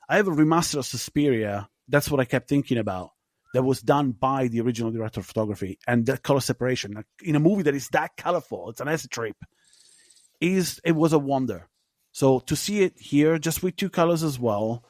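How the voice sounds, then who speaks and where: A man's voice: medium pitch, a little mellow, no room sound, studio quality. A man hosting a film podcast, giving his opinions in an emphatic, casual way and swearing now and then. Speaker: podcast host. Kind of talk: casual film review chat.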